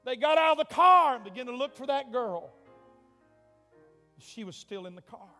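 A male preacher telling a story in a revival sermon, dramatic, swinging from hushed tones to shouts. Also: very high-pitched, lively intonation, normal speed. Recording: long hall reverb, faint music.

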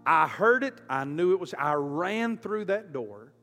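Preacher man, high-pitched, swings quiet to loud, big echoey church hall, soft music behind. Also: big pitch swings, measured pace. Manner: impassioned, surging from quiet to loud. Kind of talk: storytelling sermon. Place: church auditorium.

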